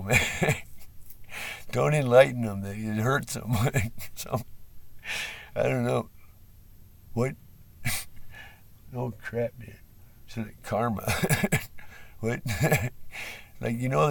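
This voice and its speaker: Gravelly, rambling profane man off-mic. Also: mid-range voice, slow pace, long pauses, no echo, recorded from a distance. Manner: rambling, profane, with frequent fillers and laughs; swings between loud outbursts and mumbling. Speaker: livestream host. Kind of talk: rambling unscripted monologue.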